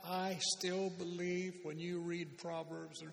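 A man preaching a sermon as a pastor, animated and emphatic, with sudden loud bursts and speech. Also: high voice, slow pace, vocal fry. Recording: long hall reverb.

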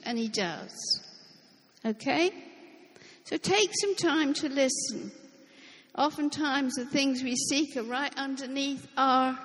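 A woman preacher delivers a sermon in a high voice, leaning on her words slowly and emphatically. She drops in light joking asides between points. Her voice carries a long reverb, as if in a big hall.

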